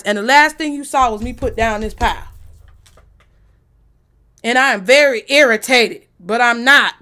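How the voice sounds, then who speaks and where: Woman, tarot reader, fairly high voice, blunt, profane, talks straight to viewers. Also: pushed and bright. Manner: blunt, profane, emphatic, addresses viewers directly. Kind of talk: tarot reading vlog.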